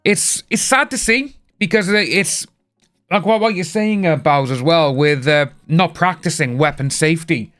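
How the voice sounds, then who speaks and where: A man's voice: fairly high pitch, moderate pace, fairly bright tone, faint music behind. A young British man chatting casually on a live stream, rambling and greeting viewers by name. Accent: British English. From United Kingdom.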